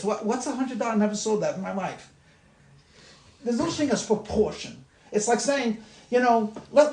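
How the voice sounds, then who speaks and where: This man has a high, somewhat mellow voice and is a rabbi giving a relaxed class talk. His style is chatty: he says things twice and chuckles at the examples he offers, all recorded in an echoing room with light noise.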